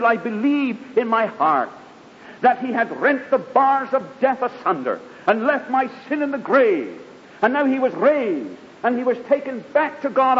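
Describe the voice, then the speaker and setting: A man preaching a sermon, telling his own conversion story in a fervent, emphatic way. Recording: dull lo-fi hall recording with faint rumble.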